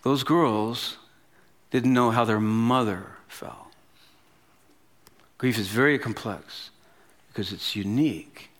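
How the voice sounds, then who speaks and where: Male pastor in his fifties; animated, chatty storytelling sermon voice. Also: mid-range voice, slow pace, long pauses. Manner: conversational, animated storytelling with casual asides.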